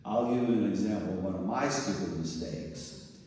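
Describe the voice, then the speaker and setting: A man's voice: lowish voice, moderate pace, warm tone, a little hiss or hum. An older man, a priest, giving a mission sermon full of anecdotes and playful imitations of voices. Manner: storytelling, mimics voices and groans for humor. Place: large church. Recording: echoey church hall from far off.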